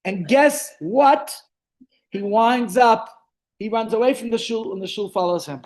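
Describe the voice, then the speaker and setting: A man, a rabbi telling stories in a relaxed class held over a video call, often stopping to restart his sentences. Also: high-pitched, measured pace. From South Africa. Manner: chatty storytelling, frequent restarts. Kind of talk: online Torah class.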